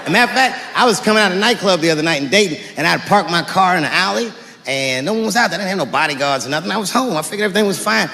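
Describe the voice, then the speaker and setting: A man doing stand-up comedy before a live audience, deadpan and profane, with drawn-out punchlines. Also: high voice, vocal fry. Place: stage in a large hall before a live audience. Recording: echoey hall, crowd noise. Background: audience laughter and murmur.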